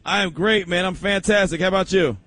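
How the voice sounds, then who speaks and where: Sports radio guy hosting, kinda high voice, dry close sound, joking around loose. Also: brisk, no echo. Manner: loose, jokey, animated banter. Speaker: sports talk radio host. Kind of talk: sports talk show hosting.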